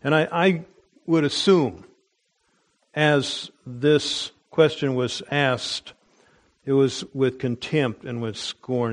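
A middle-aged man teaching a Bible study sermon, deliberate, with frequent pauses and restarts. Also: medium pitch, fairly even intonation.

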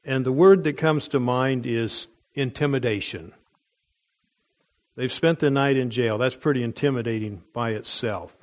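A middle-aged man teaching a Bible study sermon, deliberate, with frequent pauses and restarts. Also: medium pitch, darkish tone.

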